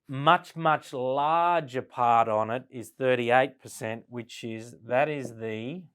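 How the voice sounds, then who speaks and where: A man's voice: mid-range voice, fairly bright tone, clear, resonant tone. A man teaching a business class at a flip chart, talking casually and often checking in with "right?" as he explains. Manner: conversational, frequent "right?" tag questions; slows down and varies volume to demonstrate tone. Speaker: business sales trainer.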